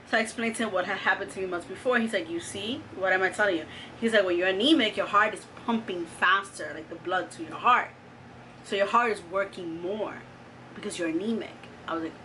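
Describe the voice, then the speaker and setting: A woman in her thirties telling a personal story to her camera in a chatty, animated way, full of fillers and exclamations. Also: mid-range voice, slight background noise, poor audio. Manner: chatty, animated, lots of "like" and "oh my God". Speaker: vlogger.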